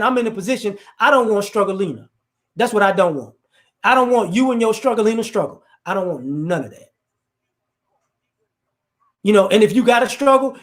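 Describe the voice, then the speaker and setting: A man from the United States who hosts a casual opinion talk with his live chat, animated and joking, with rambling asides. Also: high voice. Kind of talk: casual commentary.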